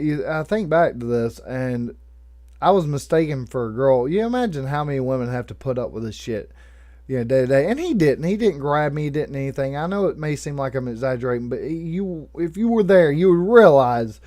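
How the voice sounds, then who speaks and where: A young man narrating a comedic true story in a jokey, profane, animated way, swinging between loud and soft. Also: fairly high pitch. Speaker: storyteller and channel host.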